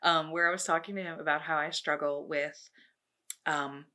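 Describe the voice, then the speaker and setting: A woman's voice: low-pitched, fairly even intonation, normal speed, sharp tone. A woman who organizes a gaming tournament, talking candidly in a documentary interview, laughing often and getting teary.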